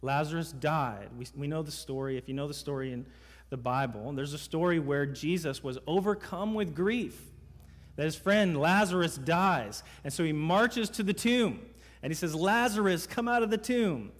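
A man's voice: a little high, moderate pace. A man preaching a sermon as pastor in a church, emphatic, asking the congregation one rhetorical question after another. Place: church sanctuary. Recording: reverberant hall sound.

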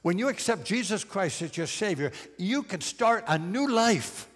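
Emphatic preacher with lively high voice. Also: male voice, husky, big-room sound. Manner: emphatic, deliberate preaching with slowed stressed phrases. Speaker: pastor. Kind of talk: sermon.

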